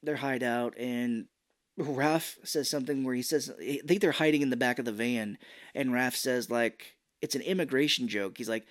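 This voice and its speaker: A man talking casually on a podcast, recapping a movie in a loose, rambling way. He swears offhandedly and has a mid-range pitch. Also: normal speed. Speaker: podcast co-host.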